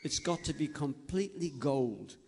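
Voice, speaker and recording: A man's voice: on the high side, expressive, normal speed, creaky, a little mellow, a little hiss or hum, pitched below the performer's own voice. A man voicing an eight-year-old girl who is insistent and secretive, in a children's story told aloud. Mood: determined.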